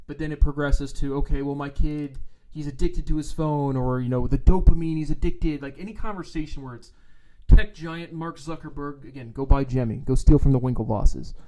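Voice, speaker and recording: A trading vlogger with a fairly high, mellow voice launches into a blunt, sarcastic rant laced with profanity, occasionally mocking people in exaggerated voices. It's a casual monologue on his own mic, which he fiddles with while speaking.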